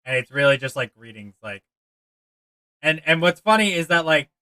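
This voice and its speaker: A man streaming a game live, chatting casually and excitably with his viewers and rambling as he plays. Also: fairly high pitch, moderate pace, clean tone, dry recording, poor audio. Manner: excitable, rambling, talks to chat, swears.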